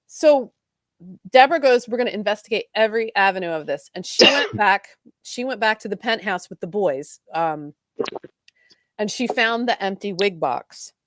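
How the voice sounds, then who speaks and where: A woman co-hosting a podcast talks fast and animated as she recaps a soap opera, full of "like"s. Her voice sits in a middle range and sounds dry and close to the mic. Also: medium pitch, no room sound. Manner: fast, animated retelling with many "like"s. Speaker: podcast co-host.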